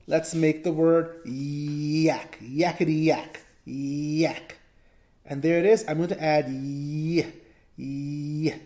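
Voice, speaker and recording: Slow, encouraging woman teaching phonics. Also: low-pitched, a little mellow. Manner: slow, encouraging, sounds out words and repeats them. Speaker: reading teacher. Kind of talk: phonics lesson for parents and children.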